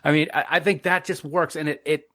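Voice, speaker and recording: A man co-hosting a podcast, enthusiastic and quick to laugh, stammering at the starts of thoughts. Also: fairly high pitch, fairly even intonation, pushed and bright, dry recording, clean studio sound. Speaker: podcast co-host. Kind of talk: casual podcast chat.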